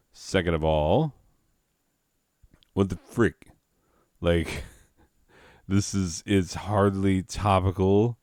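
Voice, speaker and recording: A man's voice: low-pitched, a little mellow, smooth, no echo, clean studio sound. A man hosting a comedy video, talking in an exasperated and sarcastic way. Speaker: host. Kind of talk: comedic banter.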